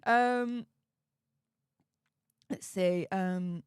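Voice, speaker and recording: A woman's voice: medium pitch, very slow, clear, resonant tone, no room sound, studio quality. A woman hosting a casual live stream, reading chat messages and answering them bluntly, with frequent laughs and fillers. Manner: chatty and blunt, laughs often, many fillers.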